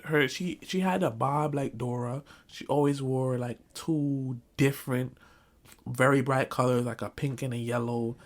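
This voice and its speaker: A young vlogger from a Jamaican family in the Caribbean community tells a comic school story in a storytime vlog, acting out the quotes. His voice is medium in pitch with vocal fry.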